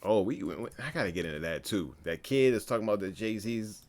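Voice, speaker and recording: A man's voice: fairly low pitch, expressive, a little fast, darkish tone. A man giving casual, profane reaction commentary on a stream, talking animatedly and laughing often.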